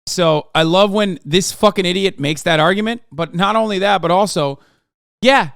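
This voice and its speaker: A man riffs in a casual, sardonic way, swearing freely and talking straight to his chat. His voice sits fairly high and sounds smooth and clear, recorded dry and close. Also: normal speed, fairly bright tone, dry recording. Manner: profane, sardonic, talks to chat. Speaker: streamer host. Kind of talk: casual reaction commentary.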